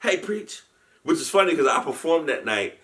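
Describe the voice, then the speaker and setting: A man telling a story in a casual chat. He is animated, often laughs and restarts his sentences. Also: medium pitch, brisk. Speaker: guest storyteller, convention founder.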